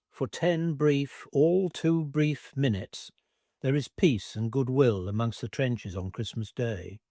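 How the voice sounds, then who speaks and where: A man reading a first-person wartime memoir aloud as scripted narration, in an expressive, measured way. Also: medium pitch, dry recording, clean studio sound.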